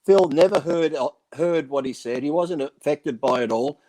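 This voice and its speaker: Animated man telling stories. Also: fairly high pitch, normal speed. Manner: animated storyteller acting out quotes, swears freely. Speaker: bodybuilding radio show regular. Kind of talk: casual chat, storytelling.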